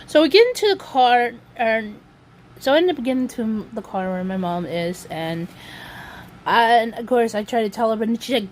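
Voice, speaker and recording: A woman's voice: on the high side, lively intonation, normal speed, slight background noise. A woman vlogger telling a long story in a casual, rambling way, often circling back with "so anyway".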